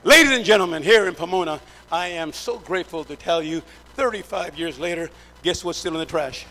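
A man's voice: on the high side, moderate pace, a bit bright. A middle-aged man preaching, telling his testimony as an emphatic storyteller who acts out the dialogue. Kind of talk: sermon testimony. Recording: clear background hum.

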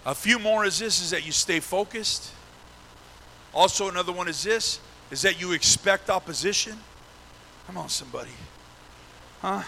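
A male pastor preaching a sermon with call-and-response, swinging from shouted, drawn-out refrains down to near-hushed talk. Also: high voice, creaky, slight background noise, rough recording.

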